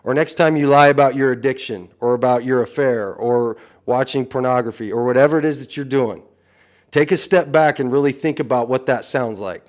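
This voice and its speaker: A man's voice: mid-range voice, a little fast. A man, a coach, talking earnestly and frankly in a casual podcast chat, often saying "you know".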